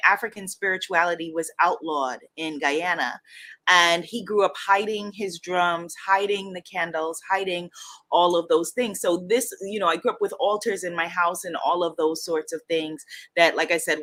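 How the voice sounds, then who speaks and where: A woman from New York, a guest author and coach, telling a personal story in an interview, animated and often laughing. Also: fairly low pitch. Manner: animated, laughs often, acts out quoted voices.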